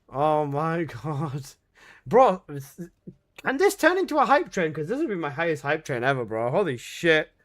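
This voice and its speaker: Talking to his chat at a fairly high pitch, a young male streamer raises his voice slightly and takes his time between bursts. Exclamations and free swearing mark his talk, with laughter slipping in often.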